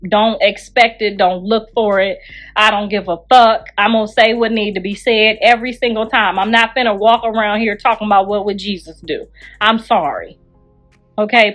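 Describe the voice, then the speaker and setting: A woman's voice: fairly high pitch, fairly bright tone. A middle-aged woman ranting bluntly and profanely on a phone livestream. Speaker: livestream host.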